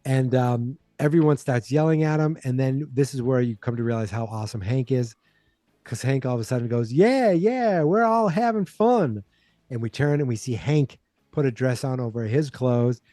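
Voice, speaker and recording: A man's voice: mid-range voice, fairly even intonation, a little fast, mellow, dry recording, clean studio sound. A man hosting a podcast, animatedly recapping a TV episode in casual chat and acting out the characters' lines. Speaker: podcast host.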